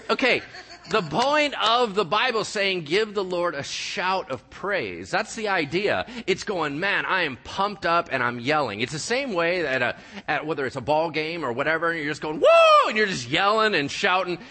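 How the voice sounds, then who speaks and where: Lively, bright-voiced male pastor preaching. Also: on the high side. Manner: animated, jokey, talks to the congregation. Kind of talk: sermon. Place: church hall with congregation. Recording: live church hall with long reverb.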